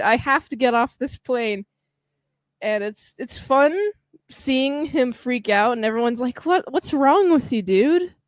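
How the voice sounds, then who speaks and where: A woman co-hosting a podcast, chatting casually about a film and acting out the characters' lines in quick voices. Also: on the high side, no room sound. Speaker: podcast co-host. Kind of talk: casual chat recapping a film.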